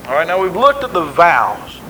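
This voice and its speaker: A man's voice: a little high, wildly swooping pitch, moderate pace, pushed and bright, a little hiss or hum, low-quality recording. A man preaching a sermon in an emphatic, conversational way, acting out the quotes he tells.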